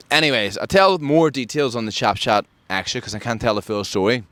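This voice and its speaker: A man from Ireland hosting a podcast, telling a story in casual chat and acting out quotes with big jumps in pitch. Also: lively intonation, quick pace, a bit bright, no echo. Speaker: podcast host.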